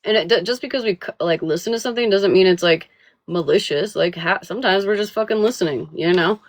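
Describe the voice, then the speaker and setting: A woman's voice: mid-range voice, no echo. Profane, rambling woman live-streamer. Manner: profane, rambling, quick to laugh. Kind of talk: casual live stream chat.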